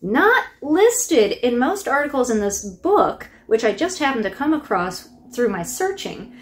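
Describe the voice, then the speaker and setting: A woman's voice: fairly high pitch, big pitch swings, a little slow. A woman hosting a casual book review, chatty and wry, with laughing asides.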